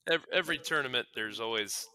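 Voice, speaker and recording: Brief: male podcast guest, bright tense tone, mid pitch, easygoing. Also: quick pace, rough recording. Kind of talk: casual chat.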